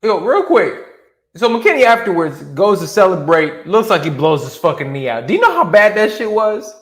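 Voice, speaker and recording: A man co-hosting a casual fight recap podcast, animated and profane, often laughing as he talks. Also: high voice, moderate pace. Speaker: podcast co-host. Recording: roomy echo.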